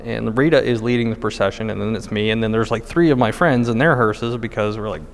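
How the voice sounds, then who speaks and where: A man's voice: on the low side, brisk, vocal fry. Wry man telling a story, reverberant sound. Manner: wry, self-mocking, with frequent fillers and restarts. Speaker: guest storyteller. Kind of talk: casual anecdote telling.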